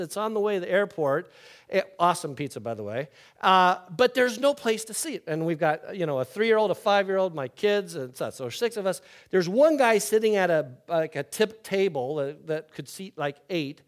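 Delivering his sermon like a conversational story, the older pastor moves back and forth from loud, lively passages to quiet, low ones.

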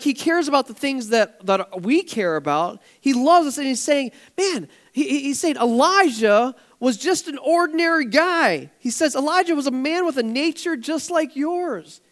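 A male pastor preaching a casual, storytelling sermon in a church, growing animated and nearly shouting when excited. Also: very high-pitched.

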